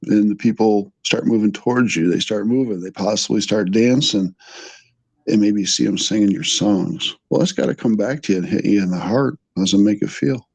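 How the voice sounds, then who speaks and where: A man hosting a podcast, upbeat and quick to agree and praise his guest. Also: lowish voice, vocal fry, darkish tone, slightly rough, dry recording. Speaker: podcast host. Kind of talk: casual podcast chat.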